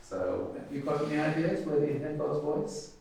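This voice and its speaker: Speaking at normal speed with a fairly high, warm voice, big pitch swings and vocal fry, a man delivers a loose, chatty sermon in an arts centre hall. He uses plenty of fillers and frequently quizzes the congregation.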